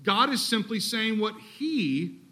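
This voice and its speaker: Male pastor, sermon, high voice, very bright tone, emphatic rhetorical questions. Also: animated, takes it slowly. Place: church sanctuary.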